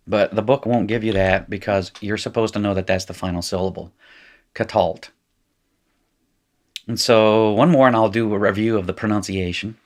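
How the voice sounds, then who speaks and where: A man with a very low voice and an Appalachian accent from North Carolina talks through a recorded lesson. He explains at a relaxed pace, often correcting himself mid-sentence and checking in with "right?". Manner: casual, self-correcting explainer who laughs at his slips. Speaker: teacher. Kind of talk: recorded lecture.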